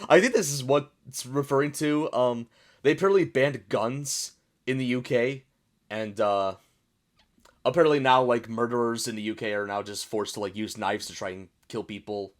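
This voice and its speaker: A young American man hosts a casual meme reaction video, chatting and reading captions aloud. His voice sits at an ordinary middle pitch, and he often stops to wonder out loud what a joke means. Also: normal speed. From United States. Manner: chatty, puzzled, reads captions aloud, bursts of laughter. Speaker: YouTube reaction host.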